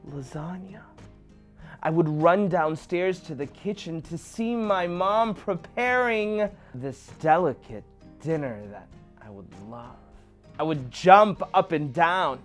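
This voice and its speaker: A man telling a funny story to children in an animated, playful way. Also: on the high side, slow, faint music behind.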